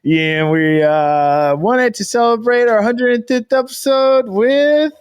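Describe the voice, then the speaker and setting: A man co-hosting a podcast in casual, excitable chat, swearing freely. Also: very high-pitched, slow, clean tone. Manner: excitable, swears a lot, jumps into voices. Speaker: podcast co-host. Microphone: video call camera.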